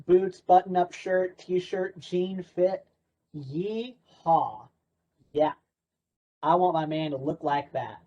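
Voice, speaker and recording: A man's voice: a little high, a little mellow. Sarcastic man leading a workshop, lo-fi. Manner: playful and sarcastic. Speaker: workshop presenter. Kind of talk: interactive workshop talk. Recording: dull lo-fi recording.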